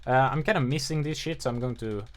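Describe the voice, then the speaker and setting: A man's voice: mid-range voice, quick pace. A man giving loose, offhand commentary on a game trailer, rambling with lots of filler words and self-mocking asides. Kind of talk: casual video commentary.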